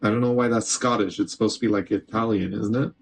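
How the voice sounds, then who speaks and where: A man's voice: fairly low pitch, steady tone, fast, husky. A man streaming gameplay, chatting casually and talking back to the game, with an occasional swear. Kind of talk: live gameplay commentary.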